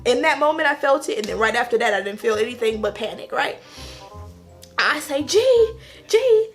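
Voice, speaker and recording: A woman casually telling a personal story to camera, animated, acting out quotes in a higher voice and laughing between lines. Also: quick pace, faint music behind.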